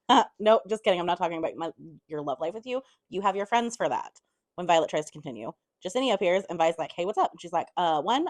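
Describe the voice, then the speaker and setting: A woman's voice: on the low side, no echo. A woman giving a casual chapter-by-chapter book recap, chatty, throwing in blunt swearing asides and half-acting the characters' lines.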